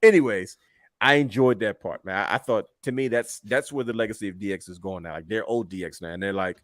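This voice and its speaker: A man co-hosting a casual wrestling talk show, telling stories with animated energy, acting out quotes and laughing often. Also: lowish voice, brisk, no room sound, clean studio sound. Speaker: podcast co-host.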